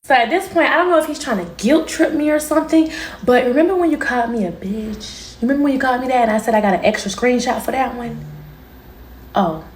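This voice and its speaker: A woman with a somewhat high voice tells a personal story to her viewers. She speaks casually and candidly, full of slang, and keeps the telling animated. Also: fast, echoey room, a little hiss or hum. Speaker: storytime vlogger.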